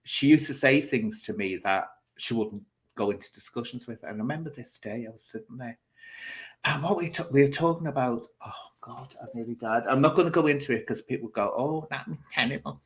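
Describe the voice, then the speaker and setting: A chatty man hosts a casual talk show, spinning a long anecdote with theatrical flair. He talks at a middling pitch and breaks into laughter now and then as he tells it. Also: brisk. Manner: chatty, theatrical, laughs while telling stories. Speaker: host. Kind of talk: casual chat show storytelling.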